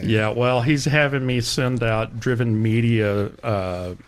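A man's voice: mid-range voice, fairly even intonation, takes it slowly. A man hosting a casual car-news podcast, reading stories aloud and joking with his co-hosts. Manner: laughs through his reading, jokey. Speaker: podcast host.

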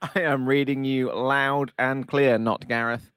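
A stiff local radio news anchor, played by a man in an improv comedy game. The voice is mid-pitched and dry, and he keeps a mock-formal newsreader tone throughout. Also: flat delivery, a little slow, a bit bright, clean tone, dry recording, natural voice. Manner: earnest, faux-formal newsreader delivery.

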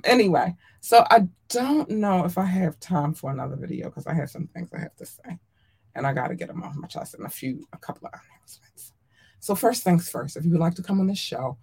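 An effusive podcast host chats casually on their own, warmly calling listeners darlings and babies. The talk is loose and rambling, full of ums and small laughs, at a middle pitch. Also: gravelly, slightly rough. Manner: chatty with frequent ums and laughs. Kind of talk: casual solo podcast chat.

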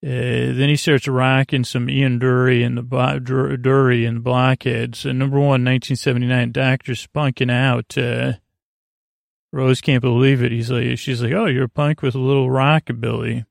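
A man hosting a podcast, recapping a TV episode in a halting, rambling way with many fillers and restarts. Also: mid-range voice, level tone, gravelly, no echo, studio quality. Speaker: podcast host.

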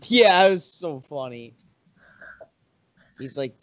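A man's voice: mid-range voice, animated, normal speed. A man from New York chatting about a movie, dropping wry, profane asides while his co-host recaps. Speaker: podcast co-host. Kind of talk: casual movie recap chat. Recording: dull lo-fi recording.

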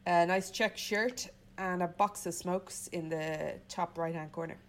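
A woman's voice: on the low side, fairly even intonation, measured pace, slight background noise. Sweary woman telling a story. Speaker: podcast co-host. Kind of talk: casual storytelling chat.

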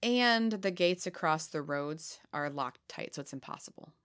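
Playful woman podcaster reading ghost legends, bit low-pitched, laughs a lot. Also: expressive, fairly bright tone. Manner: playful, giggly, reads with dramatic pauses. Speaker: podcast co-host. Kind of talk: casual podcast chat, reading legends aloud.

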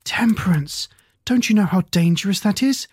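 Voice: mid-range voice, expressive, moderate pace, slightly rough, dry recording, studio quality, voice pushed up. A narrator voicing a worried, kindly middle-aged aunt who speaks in an anxious, earnest way.

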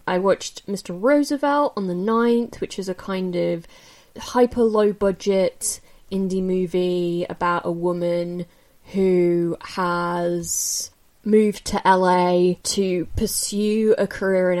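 A woman casually reviewing films she watched, candid and chatty, with many fillers and restarts, jumping up in pitch when she gets opinionated. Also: darkish tone. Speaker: film reviewer. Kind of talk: casual spoken film review.

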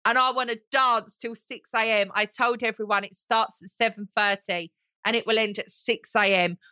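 A woman talks straight into a close mic, gushing and theatrical as she hosts her solo podcast. Her voice is bright and forceful, and the recording is dry. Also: a little high, fairly even intonation, moderate pace, dry recording. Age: 40s. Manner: gushing, theatrical, calls listeners honey. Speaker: podcast host. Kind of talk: chatty solo podcast monologue.

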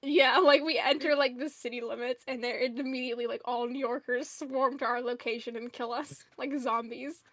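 A woman co-hosting a podcast in casual chat, animated and laughing often, with lots of "like" fillers. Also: fairly high pitch, normal speed, hardly any pauses, no room sound. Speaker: podcast co-host.

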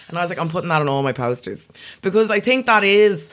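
A woman's voice: on the low side, very animated, normal speed, a bit bright. A young woman comedian with a posh South Dublin accent, chatting casually and mocking herself. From Ireland. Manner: chatty, self-mocking, laughs often. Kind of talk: casual podcast chat.

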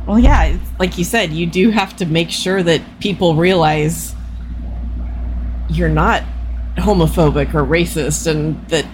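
Female podcast co-host, agreeable and brief, fairly low pitch, faint background noise. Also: unhurried, poor audio. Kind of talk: casual chat.

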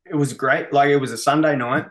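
A fairly quick, steady mid-range voice belongs to an Australian metal musician being casually interviewed. He's easygoing, foul-mouthed and fond of calling people "mate."

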